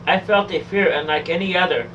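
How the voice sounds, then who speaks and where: A woman's voice: lowish voice, brisk, a bit bright, recorded from a distance, muffled recording, slight background noise. A woman telling a first-person testimony of a near-death experience, pleading, emotional and repetitive.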